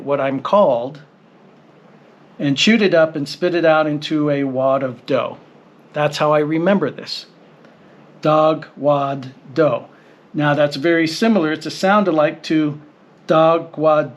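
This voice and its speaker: A man teaching a recorded language lesson, speaking patiently and encouragingly and sounding out syllables slowly. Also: a little high, highs cut off.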